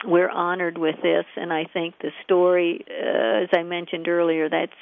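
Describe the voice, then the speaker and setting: Woman, low gravelly voice, hesitant, lots of ums and restarts, radio interview, dull lo-fi sound. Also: little pitch movement, moderate pace, no echo. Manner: hesitant, many ums and restarts, laughs easily. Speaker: local preservation group representative. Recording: lo-fi radio audio.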